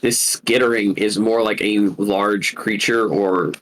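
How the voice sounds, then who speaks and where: A man running a tabletop game as dungeon master, narrating slowly with many fillers. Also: on the low side, steady tone. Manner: slow, searching narration with fillers.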